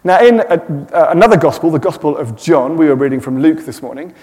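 Preacher in an echoey church hall. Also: male voice, a little high, expressive, quick pace. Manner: warm, self-deprecating humour. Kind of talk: sermon.

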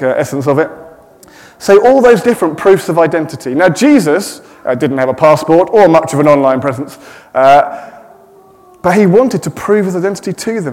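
A middle-aged man giving a sermon, with gentle self-deprecating humour. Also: on the high side, long reverb tail. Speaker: preacher. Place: church.

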